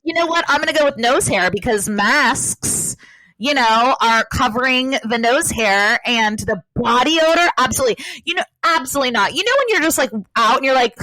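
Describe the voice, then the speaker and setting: A woman chatting as a guest on a podcast, her voice sitting a little high. She rambles along with plenty of fillers and restarts. The sound is dry and close. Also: a little fast, bright, forceful tone, no echo, poor audio. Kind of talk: casual chat.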